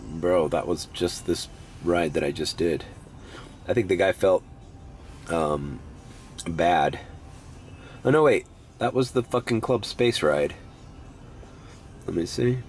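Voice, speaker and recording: A young man with a deep, darkish voice talks slowly and pauses often, sounding congested and sniffly with a runny nose. He's a rideshare driver vlogging from inside his car at night, chatting laid-back, swearing a lot and saying "bro." Soft background music plays under faint road and car noise.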